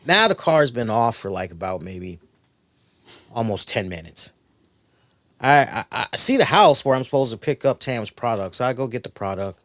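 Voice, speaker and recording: A man's voice: medium pitch, moderate pace, no room sound. A man co-hosting a podcast, telling a story casually and with heavy swearing, acting out the people involved. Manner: animated, profane, acts out voices. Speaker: podcast co-host.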